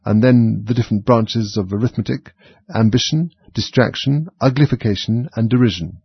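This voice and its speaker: A man's voice: mid-range voice, moderate pace, slightly rough, no room sound, dull audio. A man voicing the mournful Mock Turtle. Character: sad, sobbing, self-pitying sea creature, male. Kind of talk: storybook reading.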